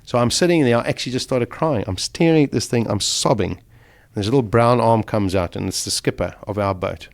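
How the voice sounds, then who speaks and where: A man's voice: medium pitch, a little fast, vocal fry. A middle-aged man, a guest in an interview, vividly and emotionally retelling a survival ordeal. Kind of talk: storytelling in an interview.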